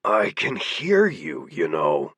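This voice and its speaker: Man as unflappable monster hero, dry grumbling, husky. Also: medium pitch, big pitch swings, measured pace, fairly bright tone, no room sound, exaggerated voice. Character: monstrous cloaked male hero, wry and unflappable.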